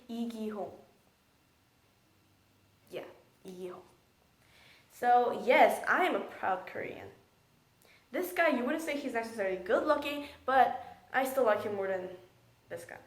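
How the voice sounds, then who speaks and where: A woman's voice: fairly high pitch, lively intonation, moderate pace, reverberant, rough recording. A woman giving a casual, blunt and sarcastic spoken movie review.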